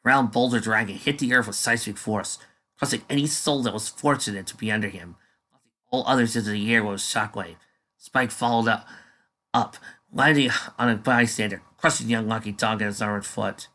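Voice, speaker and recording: Man, fanfiction reader, casual read-aloud, bright voice, offhand asides. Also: lowish voice, a little fast. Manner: offhand asides between passages. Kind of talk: casual dramatic reading.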